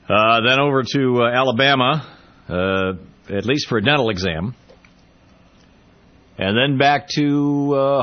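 Man, radio talk host, husky voice, rambling wry chat, dull lo-fi sound. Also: mid-range voice. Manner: chatty, wry, rambling with many fillers. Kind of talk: casual political talk radio.

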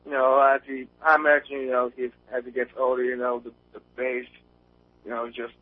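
A man's voice: mid-range voice, monotone, fairly quick. A man calling in to a radio show from outdoors on a windy day, nervous and rambling, with many fillers and restarts. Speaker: caller. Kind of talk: nervous call-in chat. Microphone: phone line. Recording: tinny phone line.

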